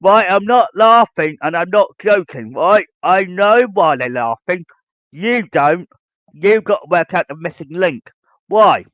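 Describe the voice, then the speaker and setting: High-voiced man ranting. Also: lively intonation, unhurried, a bit bright, no echo. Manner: ranting, repetitive, lecturing listeners directly. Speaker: podcast host. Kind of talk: podcast monologue. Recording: dull lo-fi dry sound.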